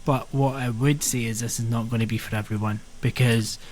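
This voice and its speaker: A man in mid-range pitch co-hosting a casual podcast chat. He describes a game earnestly, pausing often with "um" while he searches for words. A faint hiss of noise sits underneath. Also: steady tone, darkish tone. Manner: earnest, hesitant, fills pauses with "um". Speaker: podcast co-host.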